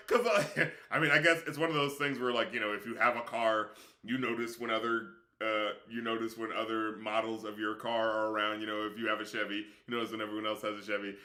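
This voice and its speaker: A man's voice: on the low side, fairly even intonation, quick pace, sharp tone. A man who reviews rap music, chatting casually and profanely on a live stream, laughing often. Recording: echoey room.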